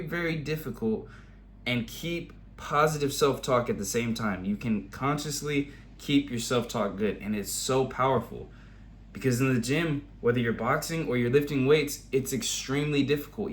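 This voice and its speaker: A man's voice: medium pitch, slight background noise. A man in his twenties giving a casual motivational monologue in blunt, heavily profane slang, turning intense as he makes his points. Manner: rising, intense when making a point. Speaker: vlogger giving motivational advice.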